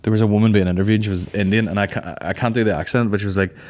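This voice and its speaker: A man in his thirties hosting a comedy podcast, talking in a loose, rambling monologue. His voice sits on the lower side, and he swears constantly and laughs at his own jokes. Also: racing, hardly any pauses. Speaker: podcast host.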